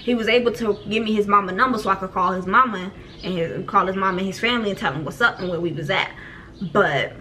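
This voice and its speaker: A young woman telling a storytime vlog in casual, slangy talk, acting out her own frantic shouts when she quotes herself. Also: mid-range voice, fast talker, a little hiss or hum. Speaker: vlogger.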